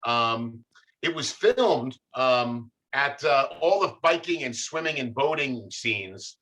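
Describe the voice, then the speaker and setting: A man with a bright, forceful voice at an ordinary middle pitch. He presents film history in a loose, chatty way, with plenty of ums and uhs. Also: takes it slowly, poor audio. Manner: relaxed, filler-heavy storytelling. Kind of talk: casual presentation.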